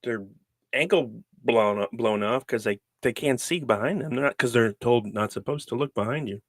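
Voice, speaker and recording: A man's voice: mid-range voice, moderate pace, no room sound. A man co-hosting a casual sports podcast, ranting in an exasperated way. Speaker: podcast co-host.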